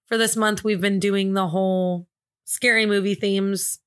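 A woman's voice: mid-range voice, fairly even intonation, unhurried, fairly bright tone. A woman from Indiana co-hosting a true crime podcast, telling the case in a chatty, joking way and laughing often. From Indiana, USA. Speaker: podcast co-host, case presenter.

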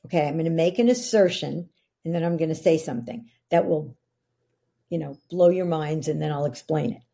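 A woman's voice: sits low, brisk, vocal fry, dark tone, breathy edge. A middle-aged woman, a podcast guest, explaining ideas in an earnest coaching tone. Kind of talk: interview conversation.

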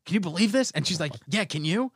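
A middle-aged man hosting a podcast, telling animated stories full of swearing and acting out what others said. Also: high voice, fast talker, breathy edge, no room sound, studio quality. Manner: animated storytelling, swearing, acts out quotes. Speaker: podcast host. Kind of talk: casual podcast banter.

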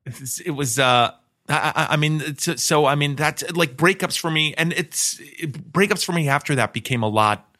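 A man's voice: on the high side, moderate pace, sharp tone. A middle-aged man hosting a podcast, telling a story in casual chat with lots of restarts and self-mocking asides. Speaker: podcast host.

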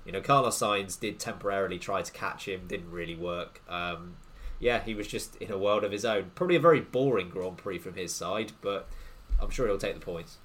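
A man's voice: low voice, a little fast, a bit bright. A man co-hosting a casual sports podcast, leading each segment in a chatty, loose way with plenty of ums and you-knows.

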